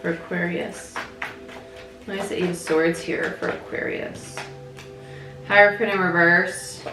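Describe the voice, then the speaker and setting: Young woman doing a chatty tarot reading, lowish voice, kinda echoey room with quiet music behind. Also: fairly even intonation, unhurried, gravelly. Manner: chatty, thinks aloud, frequent "right?" check-ins. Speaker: tarot reader.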